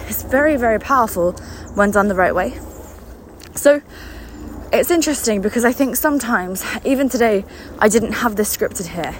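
A woman's voice: on the high side, slight background noise. A young woman business coach giving an unscripted motivational talk, enthusiastic, a little out of breath, repeating words for emphasis. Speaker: business coach and company founder.

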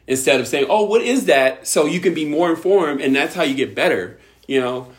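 A young man talking with a friend, his pitch moving up and down a lot as he speaks. He is casual and joking, swears freely, and turns earnest when he makes a point. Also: animated, a little fast, few pauses. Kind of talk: casual chat.

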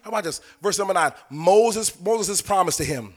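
A man preaching a sermon in a sing-song cadence that rises into shouting. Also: high voice, expressive, normal speed.

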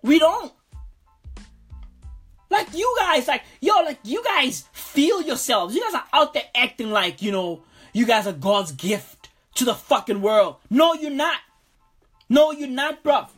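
A woman tears into a profane comic rant, repeating herself in heavy slang. Her voice sits high and swings wildly, with a slightly husky edge. She breaks into loud, exasperated outbursts. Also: expressive, measured pace, faint music behind. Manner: slangy, swearing, repeating itself. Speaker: ranting vlogger.

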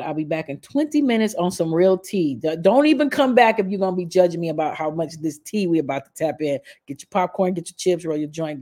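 A woman's voice: low-pitched, dark tone. A woman hosting a casual gossip vlog, talking bluntly and cursing freely to her viewers. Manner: blunt, heavy cursing, chatty asides. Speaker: gossip vlogger. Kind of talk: casual profane commentary.

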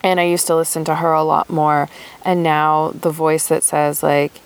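A woman speaking in a thoughtful, hesitant personal monologue with many pauses. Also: low voice, flat delivery.

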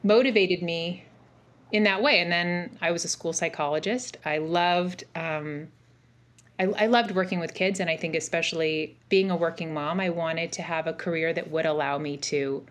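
A woman in her forties telling a personal story as a podcast guest, animated and rambling, with many fillers and restarts. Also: lowish voice, moderate pace. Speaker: podcast guest, mental health practitioner. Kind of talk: casual interview storytelling.

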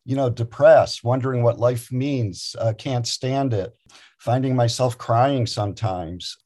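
A man speaking at an ordinary, middle pitch tells a long personal story as a guest. His delivery is earnest and thoughtful, measured in its pacing. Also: mellow. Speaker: chaplain and physician guest. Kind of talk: reflective storytelling.

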